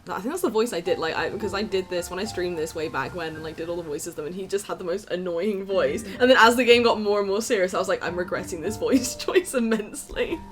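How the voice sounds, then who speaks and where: A woman's voice: fairly low pitch, fast talker, hardly any pauses, faint music behind. A woman on a charity game stream, casually explaining the story with laughs and restarts. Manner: giggly, explains the plot with restarts. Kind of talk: casual let's-play chat.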